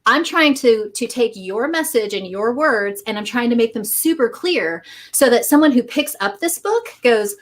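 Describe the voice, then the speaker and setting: A woman book editor talking in a casual interview, animated and acting out voices as she tells stories. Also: a little high, moderate pace, few pauses. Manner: animated, acts out voices when telling stories.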